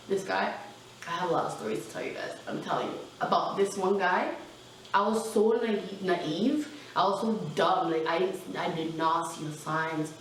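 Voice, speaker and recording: A young adult woman telling a personal storytime in a casual, animated way, full of fillers and asides. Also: mid-range voice, far from the mic, slight background noise. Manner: chatty, animated, lots of fillers. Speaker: vlogger. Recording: very echoey room, mic set back.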